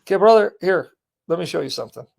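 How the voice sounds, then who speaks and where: A man hosting a live stream, lecturing a caller in a heated, forceful way. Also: high voice, expressive, fast, creaky. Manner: forceful, lecturing, berating chat commenters. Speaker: livestream host. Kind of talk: heated live teaching and chat.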